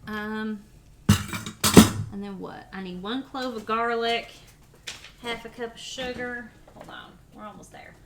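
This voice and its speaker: A woman with a slightly high, steady voice chats unhurriedly with her livestream viewers while cooking at home, pausing often. The recording is very noisy, with pots, pans and dishes clattering in the background.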